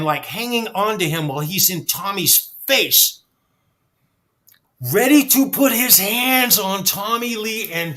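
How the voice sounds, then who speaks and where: Man, casual storyteller, bright voice, slightly high pitch, animated, swears. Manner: animated, acts out quoted dialogue, swears freely. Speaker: guest storyteller.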